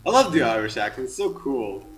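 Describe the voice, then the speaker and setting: Brief: excitable male game commentator, lively swings in pitch, distant mic, noisy background. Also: fairly quick. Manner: excitable, swears a lot, yells at enemies. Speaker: gaming channel host. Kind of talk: gameplay commentary.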